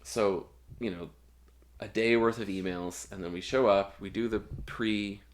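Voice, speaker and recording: A fairly low-voiced young man telling a story in casual conversation. He swears freely and piles on fillers and quick asides as he goes. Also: a little hiss or hum. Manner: animated, profane anecdote telling with filler words. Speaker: guest musician.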